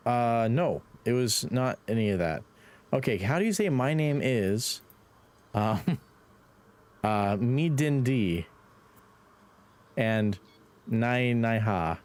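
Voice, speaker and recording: A man's voice: mid-range voice, lively intonation, slow, pauses often, darkish tone. A young Irish man streaming a game live, talking to his chat, playful and swearing, laughing at his own wrong answers. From Ireland.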